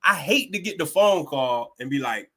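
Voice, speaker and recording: A man with co-hosts a casual livestream in a bright, forceful voice that swings widely in pitch. He repeats his punchlines for emphasis, leaning into each one. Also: moderate pace. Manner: animated, repeats phrases for emphasis. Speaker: livestream co-host.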